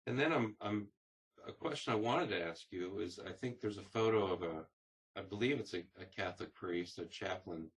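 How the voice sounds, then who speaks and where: A man's voice: low voice, normal speed, slightly rough. A man interviewing a veteran, asking long, careful questions with hesitations and restarts. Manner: hesitant, searching for words, many restarts.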